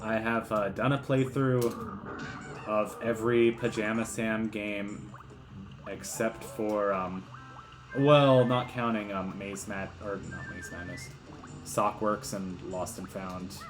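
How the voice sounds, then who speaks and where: A man's voice: fairly low pitch, steady tone, takes it slowly, over music. A man giving casual gameplay commentary as a let's player, rambling and joking, with silly voices thrown in.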